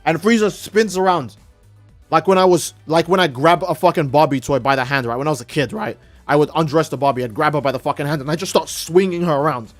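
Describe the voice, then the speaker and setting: A man's voice: on the high side, fast, no echo, faint music behind. A man streaming live, ranting in a heated, profane way and often restarting his sentences. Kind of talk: casual live-stream rant.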